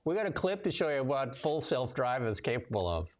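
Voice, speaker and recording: A man hosts a casual livestream chat in a mid-range voice, talking a little fast. The show host and commentator spins lively stories in a loose, chatty manner with frequent fillers.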